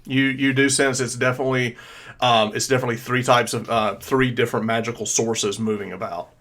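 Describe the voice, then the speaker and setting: A man at mid pitch runs a tabletop session as game master. He rambles through scene descriptions, padding them with ums and likes. His delivery stays casual. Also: steady tone, brisk, fairly bright tone. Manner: rambling, filler-heavy descriptions.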